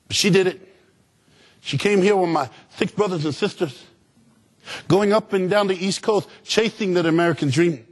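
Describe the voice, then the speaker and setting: A man giving an energetic, humorous motivational speech to students, calling out to the crowd for answers. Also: high voice, normal speed, pauses often. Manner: animated, humorous, call-and-response with audience. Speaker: motivational speaker.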